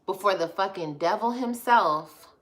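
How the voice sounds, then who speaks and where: A woman's voice: medium pitch, measured pace. A woman vlogger ranting on a livestream, blunt, profane and passionate, reading and answering viewer comments. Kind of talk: livestream rant.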